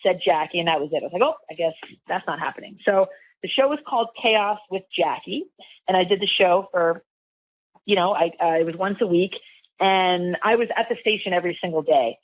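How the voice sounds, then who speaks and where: A woman's voice: lowish voice, a little fast, highs cut off. A woman who hosts a radio show, chatting as a podcast guest in a rambling way, with lots of fillers and restarts. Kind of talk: casual interview storytelling.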